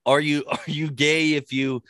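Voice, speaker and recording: A man's voice: on the high side, unhurried, dry recording. A man telling stories in casual chat, swearing freely and often breaking into laughter. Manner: animated storytelling with frequent laughter and swearing.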